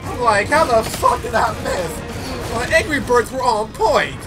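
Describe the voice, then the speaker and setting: A man hosting a gameplay commentary video, excitable and swearing, with stammering repeats and shouted outbursts. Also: very high voice, moderate pace. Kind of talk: let's play commentary. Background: game music and sounds.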